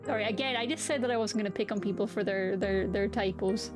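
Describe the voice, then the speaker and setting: A woman's voice: mid-range voice, fast talker. A young woman chatting casually with her viewers, bubbly and giggly. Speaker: streamer. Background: background music.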